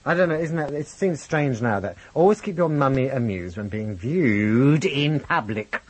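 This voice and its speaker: A man with a posh English accent, reminiscing candidly as an interview guest, animated when telling stories. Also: mid-range voice, normal speed, breathy edge, low-quality recording. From England, grew up in Birmingham. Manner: reflective, animated storyteller, lifts voice for quotes. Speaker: guest, comedian and impressionist.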